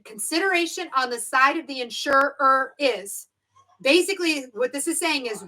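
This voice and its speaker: A woman's voice: high-pitched, bright, forceful tone, rough recording. A woman exam prep instructor teaching a live-streamed review lesson, stressing key words and repeating them to drill the point. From United States.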